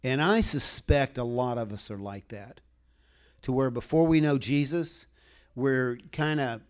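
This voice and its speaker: A man's voice: mid-range voice, measured pace, clean tone. A man preaching a sermon to a congregation in a folksy, rambling way, chuckling as he talks and asking the room for a show of hands.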